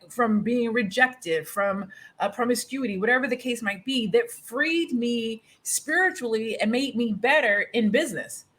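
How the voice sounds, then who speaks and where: A woman's voice: fairly high pitch, fairly bright tone, poor audio. A woman on a discussion panel, speaking earnestly and building her points through repeated phrases. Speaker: panel guest. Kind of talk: casual panel chat.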